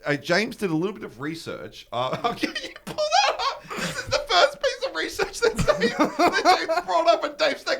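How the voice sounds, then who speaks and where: A man's voice: very high-pitched, wildly swooping pitch, normal speed, creaky, hardly any pauses, background noise. A man co-hosting a podcast, teasing his friends in loose, sweary, laughing banter. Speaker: podcast co-host. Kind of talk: casual comedic banter.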